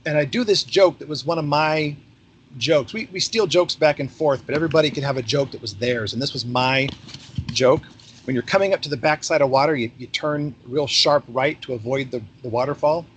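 With a brisk, higher-pitched voice and slight background noise, this middle-aged podcast guest recounts his days as a theme park ride skipper. The interview is casual, and he brings the stories to life by energetically performing the dialogue.

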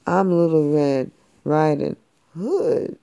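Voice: medium pitch, takes it slowly, vocal fry, dark tone. A parent voicing a sassy little girl in a red hood who sings a sing-song tune and talks back.

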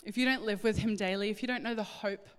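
Animated woman preaching in an echoey hall. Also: medium pitch, fast talker, clear, resonant tone. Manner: animated, acts out little scenes in voices. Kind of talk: sermon. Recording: echoey hall with long reverb.

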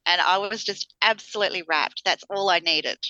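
A woman's voice: fairly low pitch, moderate pace, sharp tone, no echo, lo-fi sound. A middle-aged woman, co-hosting a podcast in casual chat and acting out the people she quotes as she tells a story. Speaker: podcast co-host.

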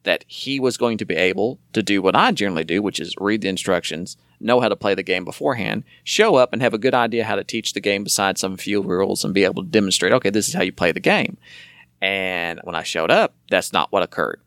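A man's voice: on the low side, animated, fast talker, a bit bright, dry recording, clean studio sound. A man in casual conversation, rambling and repeating words as he searches for them. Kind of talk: casual chat.

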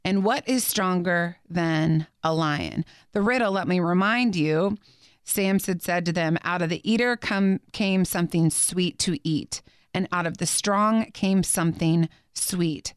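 A woman's voice: on the low side, a little slow, clean tone, dry recording, studio quality. A woman hosting a Bible teaching podcast, reading scripture aloud and breaking in with chatty, playful asides. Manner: chatty and animated, with playful asides between verses.

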